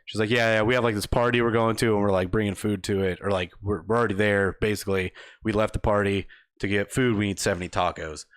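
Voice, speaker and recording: A young podcast co-host tells a work story in laid-back, profane chat, swearing a lot, laughing often and acting out quotes in a higher voice. His tone is steady and his pace quick, in clean studio sound with no echo.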